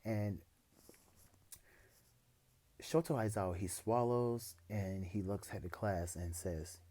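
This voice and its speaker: A man's voice: fairly low pitch, slow pace, long pauses, mellow, no room sound. A man casually narrating an improvised fan story, rambling and often correcting himself as he goes.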